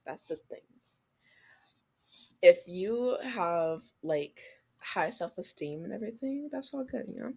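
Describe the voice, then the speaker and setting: A woman's voice: mid-range voice, expressive, measured pace, vocal fry, a little mellow, breathy edge. A young woman co-hosting a podcast, chatting casually and giving frank dating advice straight to listeners. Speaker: podcast co-host. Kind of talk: casual chat.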